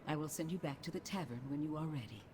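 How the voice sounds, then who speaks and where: A woman voicing a formal, commanding elf noblewoman who speaks in a measured way, heard as faint game audio under a live stream with a crowd murmuring behind. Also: low voice, background noise, natural voice.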